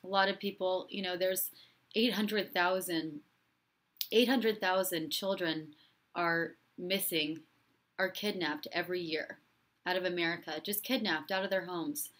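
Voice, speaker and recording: A woman with a somewhat low voice hosts a live-stream commentary show. She speaks with an impassioned, repeating rhythm and stops now and then to read out viewer comments. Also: steady tone, a little slow, a bit bright. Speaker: host and relationship coach.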